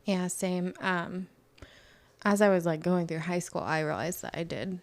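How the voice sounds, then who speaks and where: A woman's voice: fairly low pitch, steady tone, a little slow. A young woman co-hosting a podcast, talking in an easygoing, conversational way with frequent fillers. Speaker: podcast co-host. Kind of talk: casual chat.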